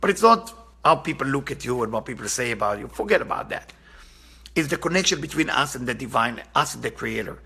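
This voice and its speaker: Gravelly, husky man teaching Kabbalah. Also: mid-range voice, lively intonation, a little fast, pushed and bright. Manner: earnest, impassioned, repeats for emphasis. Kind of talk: spiritual lesson with storytelling.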